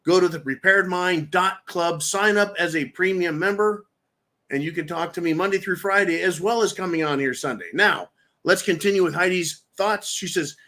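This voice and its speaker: A man's voice: high-pitched, moderate pace, bright, forceful tone. A man hosting a live political show, talking in a somewhat raised voice. He rants, mocks and throws crude insults while speaking straight to his viewers. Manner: ranting, mocking, crude insults. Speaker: livestream host. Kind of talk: political commentary livestream.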